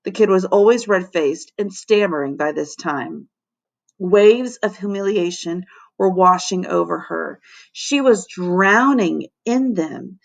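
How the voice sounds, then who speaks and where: Woman, teacher, children's book read-aloud, expressive, dramatic pauses. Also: on the low side, creaky. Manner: expressive, dramatic storytelling with slowed emphasis. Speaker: fourth grade teacher.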